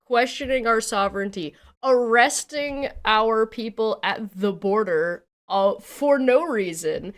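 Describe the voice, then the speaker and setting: A woman from Canada reacts to clips on a stream with blunt, sarcastic commentary. She talks at an unhurried pace in a slightly high voice, and her swearing grows into angry shouts.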